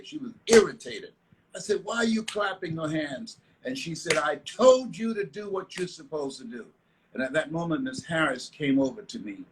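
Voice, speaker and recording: Over a live video call, an older man from the US shares stories as a motivational speaker in an online interview, stressing points and circling back to them. His voice is mid-range, with background noise audible.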